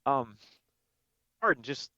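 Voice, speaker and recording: A man voicing a kind middle-aged male halfling who looks after an old neighbor, speaking gently and reassuringly. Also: medium pitch, very animated, takes it slowly, dry recording, highs cut off, voice pushed up, exaggerated voice. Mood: gentle. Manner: gentle, reassuring, a little breathless.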